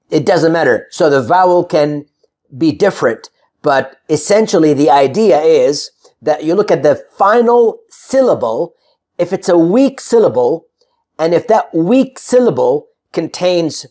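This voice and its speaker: Slow, deliberate pronunciation teacher. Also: medium pitch, darkish tone. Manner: demonstrates words slowly, repeating each for contrast; checks in with frequent "right?" and "all right?". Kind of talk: online pronunciation lesson.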